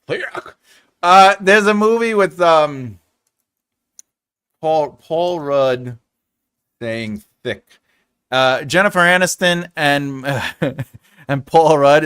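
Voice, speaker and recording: Speaking in a slightly high, fairly bright, clean voice, the host of a writing channel's live stream chats casually with viewers. He reads their comments, wanders playfully, and repeats phrases just for fun.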